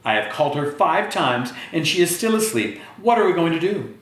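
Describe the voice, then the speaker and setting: A man voicing a worried mother in a storybook reading, in a high falsetto. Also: sing-song, fairly quick, fairly bright tone, reverberant, low-quality recording. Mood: fretful. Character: mother, pleading and fretful woman.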